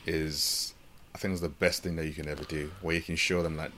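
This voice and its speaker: A male podcast host with a very low voice that still has a bright, forceful edge. He talks in a reflective, affirming way and builds on his guest's points. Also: flat delivery, fast, slight background noise. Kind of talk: casual conversational interview.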